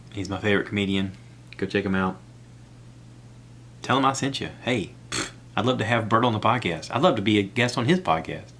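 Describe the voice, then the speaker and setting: A man's voice: fairly low pitch, fairly bright tone, slight background noise. A man hosting a solo podcast, talking in a chatty, rambling way and recommending things with enthusiasm. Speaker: podcast host. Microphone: iPad recording app.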